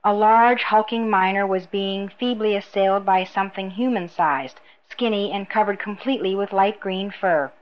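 A woman reading a novel aloud in a measured, even narration. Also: mid-range voice, lo-fi sound. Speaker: audiobook narrator. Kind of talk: scripted narration.

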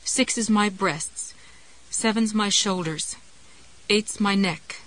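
A woman's voice: mid-range voice, slow, fairly bright tone, rough recording. A woman reading an audiobook, voicing a frightened grown woman who speaks meekly in a trembling, childish way. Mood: chanting.

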